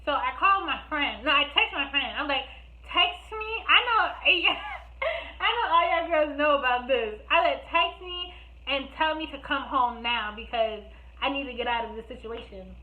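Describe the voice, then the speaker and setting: A young woman telling a storytime vlog, animated, laughing often and acting out what others said. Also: high voice, moderate pace. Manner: animated, laughing, acts out quotes. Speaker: vlogger. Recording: echoey room, phone-like sound.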